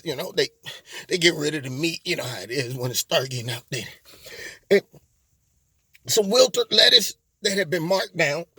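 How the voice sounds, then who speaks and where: A man's voice: fairly high pitch, sharp tone, no room sound, heavily acted. A man playing a melodramatic, weepy man in a satirical comedy sketch, sobbing and trailing off. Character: melodramatic weepy man telling of a store insult.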